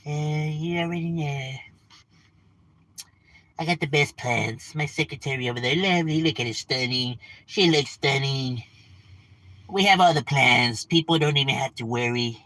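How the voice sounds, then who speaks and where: A man doing an impression of a boastful older male politician who brags in a slow, soft, drawn-out way. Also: medium pitch, no echo, lightly acted. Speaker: streamer.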